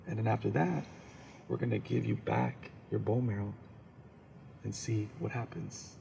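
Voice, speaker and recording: A man's voice: on the low side, normal speed, gravelly, slight background noise. A man, a comedian, telling a story as an interview guest and acting out the scenes. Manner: animated, acts out scenes and voices.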